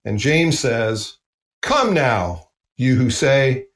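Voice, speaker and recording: A man's voice: mid-range voice, animated, drawn-out words. Earnest preacher man in an echoey room. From United States. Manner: earnest, emphatic, repeats phrases for stress. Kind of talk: sermon.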